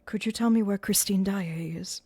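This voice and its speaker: A woman's voice: medium pitch, moderate pace, a little mellow, slightly rough, no echo. A woman voicing a sorrow-stricken young male nobleman who pleads politely. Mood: pleading.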